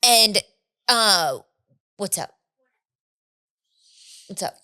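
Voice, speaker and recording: A woman in her thirties, a podcast co-host, telling a story in a casual chat, animated and laughing, acting out quotes. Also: mid-range voice, extremely slow, clear, resonant tone.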